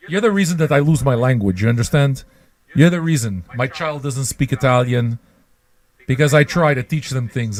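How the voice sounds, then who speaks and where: A man's voice: medium pitch, a little mellow. Rambling, profane male show host. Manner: rambling, mocking, profane, repeats himself. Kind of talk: profane ranting livestream monologue.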